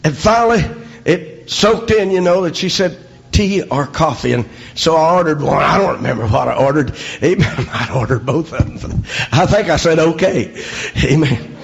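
An older man preaching a sermon, dropping frequent amens and swinging from low storytelling to shouts. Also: lively intonation, moderate pace, gravelly, lo-fi sound.

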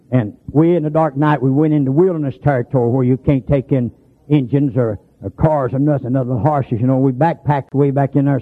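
A man preaching in a gravelly, husky voice, folksy and telling stories, now and then rising to loud emphatic hollers. The sound is thin and tinny, like a phone line. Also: medium pitch. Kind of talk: sermon.

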